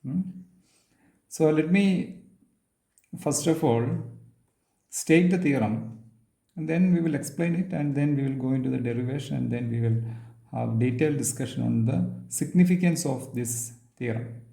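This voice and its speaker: A man giving a physics lecture, pausing often with fillers and restating points as he writes. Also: medium pitch, gravelly, mellow, reverberant. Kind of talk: physics lecture while writing on a board.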